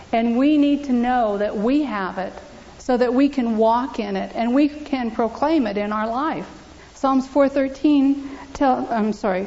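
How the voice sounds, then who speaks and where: A woman's slightly high, somewhat mellow voice gives earnest, emphatic testimony and preaching in a church, repeating scripture aloud. The recording sounds dull and lo-fi.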